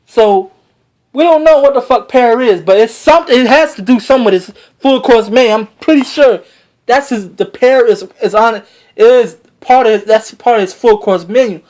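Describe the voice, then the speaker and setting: A speaker giving an excitable, rambling, slang-heavy and profane casual recap of a manga chapter as a reviewer. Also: mid-range voice, moderate pace. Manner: rambling with many fillers and restarts.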